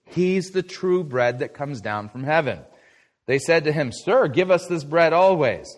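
This pastor's voice sits on the high side, and he speaks a little slowly. He is middle-aged and teaches a conversational Bible study sermon, keeping it lively by asking the audience questions and supplying the answers on his own.

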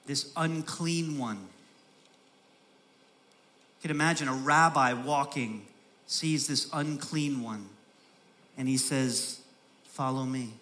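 A man preaching a sermon as pastor, repeating phrases for emphasis and building from soft, slow stresses to raised, urgent delivery. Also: mid-range voice.

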